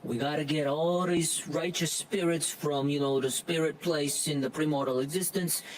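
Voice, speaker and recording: A man's voice: on the high side, steady tone, moderate pace, slight background noise, pitched above the performer's own voice, close to an everyday voice. A man doing a wiseguy mafia angel, distant. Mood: pushy. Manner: wiseguy gangster patter, threatening. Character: pushy male mafia-style angel messenger.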